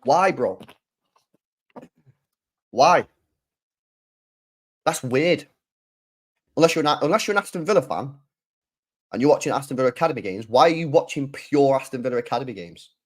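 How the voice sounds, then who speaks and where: A man's voice: mid-range voice, lively intonation, moderate pace, long pauses. A man hosting a football channel, delivering a heated, sweary solo rant full of rhetorical questions.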